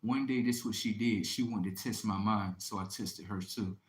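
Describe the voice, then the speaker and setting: A man's voice: lowish voice, normal speed. A man in his thirties telling a crude story in a brash, profane monologue, often checking in with "right?". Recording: echoey room.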